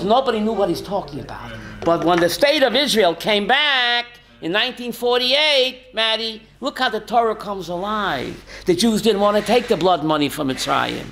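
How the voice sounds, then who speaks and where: Animated rabbi quizzing his class. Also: high voice, normal speed, gravelly. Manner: animated, rhetorical questions, calls on students by name; chuckles often. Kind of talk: lively Torah class.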